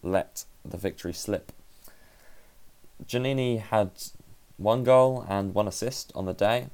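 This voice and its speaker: Low gravelly man, casual football podcast. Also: measured pace, darkish tone. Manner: conversational, self-correcting, analytical. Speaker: podcast host.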